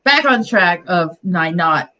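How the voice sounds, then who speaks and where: A woman's voice: fairly low pitch, expressive, takes it slowly, bright, forceful tone, slight background noise. A woman co-hosting a casual chat stream, rambling and giggling, often trailing off mid-sentence. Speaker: co-host.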